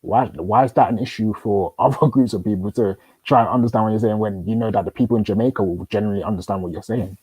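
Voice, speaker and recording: A man's voice: lowish voice, fast, few pauses, darkish tone, breathy edge, no room sound, low-quality recording. A man arguing in a casual debate, probing with questions and stumbling through many restarts. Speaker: host.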